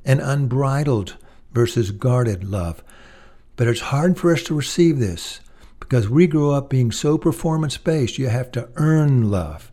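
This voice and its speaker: A man's voice: medium pitch, dark tone. A man preaching a sermon, earnest and emphatic, speaking directly to his listeners as friends.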